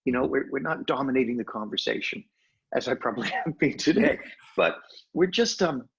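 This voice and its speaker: An older man with a gravelly, husky voice, a hypnosis trainer appearing as a podcast guest, tells stories in conversation. He's brisk and animated, with sudden, expressive jumps in pitch, though the audio is dull and lo-fi.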